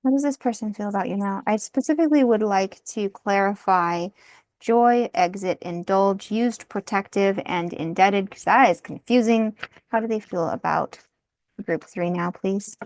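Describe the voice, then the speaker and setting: A woman's voice: mid-range voice, moderate pace, darkish tone, no room sound. A woman doing a casual tarot card reading, thinking aloud, often breaking into laughter and apologizing. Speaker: tarot reader.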